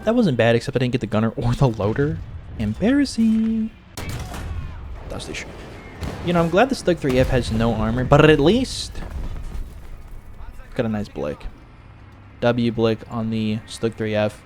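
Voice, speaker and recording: A man's voice: medium pitch, lively intonation, moderate pace, long pauses, a little mellow, soft background music. Casting: man streaming a game, casual profane storyteller, mid-range voice, rambling and joking. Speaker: gaming streamer. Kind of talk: casual gaming commentary with storytelling.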